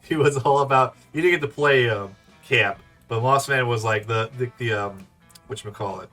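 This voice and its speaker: A man's voice: mid-range voice, normal speed, sharp tone. A man hosting a casual let's play, chatting, laughing and reading the game text aloud. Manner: chatty, giggly, loose. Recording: off-mic with faint music.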